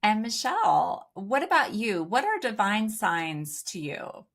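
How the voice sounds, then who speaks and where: A woman's voice: medium pitch, big pitch swings, measured pace, a bit bright. A woman moderating an online panel, gracious, asking the guests questions. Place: online summit panel, video call.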